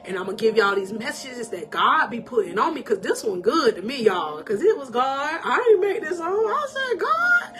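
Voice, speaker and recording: A woman life coach giving an animated, emotional live-stream talk of encouragement. She laughs often and calls out to her viewers in a preacherly way. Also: on the high side, fairly quick, few pauses, over music.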